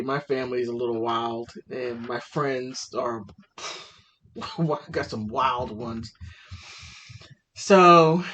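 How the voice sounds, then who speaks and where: A woman vlogger telling a funny family story in a chatty, animated way. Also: rumbling low. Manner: animated, laughing, chatty with fillers. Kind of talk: casual comic storytelling.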